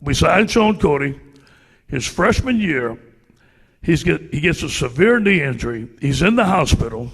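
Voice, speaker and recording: Man, Cajun accent, husky gravelly voice, animated folksy anecdotes, middle-aged coach. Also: on the high side, moderate pace, big-room sound. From Louisiana. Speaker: guest speaker, football coach. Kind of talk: storytelling speech to a club audience.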